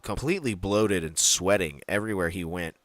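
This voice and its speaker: Low-voiced jokey man, dry sound. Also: brisk, a bit bright, dry recording. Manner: rambling, jokey, tries out silly accents. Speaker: podcast co-host. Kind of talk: casual wrestling chat.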